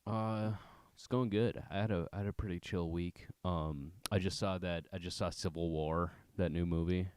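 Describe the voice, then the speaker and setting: A young man co-hosting a comedy podcast, chatting in a laid-back, hesitant way with many pauses and ums. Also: sits low, fairly even intonation, a little mellow, clear, resonant tone, no room sound. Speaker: podcast co-host. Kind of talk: casual comedic chat.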